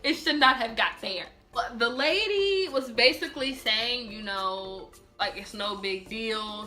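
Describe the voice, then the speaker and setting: A young woman vlogger with a mid-range voice tells a personal story casually, animated and emphatic, often repeating and restarting her words.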